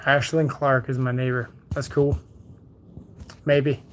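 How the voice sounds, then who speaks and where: A man's voice: mid-range voice, little pitch movement, slow, slight background noise. A man from Bermuda with a Bermudian accent mixed with Texas country, hosting a casual livestream and reading out viewer comments with loose, joking replies. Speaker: livestream host.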